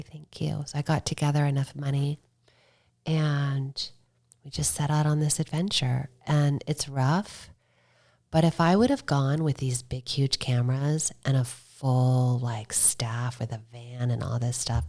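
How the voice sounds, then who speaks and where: Low gravelly woman telling stories. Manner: animated storytelling, quotes herself. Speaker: podcast guest, filmmaker. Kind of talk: casual interview chat.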